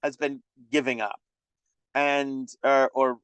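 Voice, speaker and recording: A man's voice: medium pitch, flat delivery, slow, a bit bright, clear, resonant tone, dry recording, highs cut off. A man co-hosting a podcast in casual conversation, teasing with dry humour and swearing frankly. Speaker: podcast co-host.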